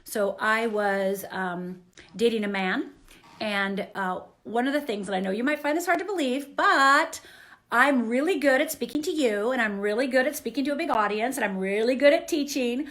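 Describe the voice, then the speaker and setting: A woman giving an earnest, animated coaching talk to camera, often checking in with the listener. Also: fairly high pitch, normal speed. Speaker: self-help coach.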